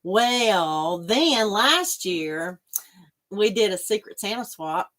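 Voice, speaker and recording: A woman's voice: mid-range voice, animated, slow, fairly bright tone. Chatty lady on a livestream, rambling along, talking back to viewer comments. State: coughing after choking on water. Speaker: livestream host. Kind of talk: casual chat with live viewers.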